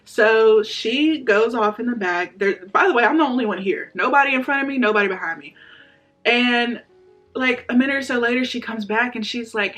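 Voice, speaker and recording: A woman's voice: fairly high pitch, moderate pace, a bit bright, faint music behind. A young woman telling a personal story in a casual, chatty way, speaking straight to her viewers and acting out what people said. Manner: chatty, addresses viewers directly, acts out quotes. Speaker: vlogger sharing a testimony.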